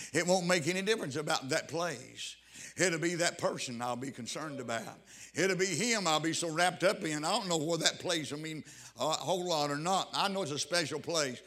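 A man preaching a sermon, with a rhythmic cadence, drawn-out emphatic phrases and shouted interjections. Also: a little high.

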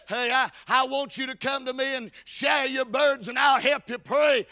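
A man preaching a shouted revival sermon with a chanted cadence, folksy rural speech and frequent calls of "Amen". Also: very high voice, fairly even intonation, moderate pace, hardly any pauses.

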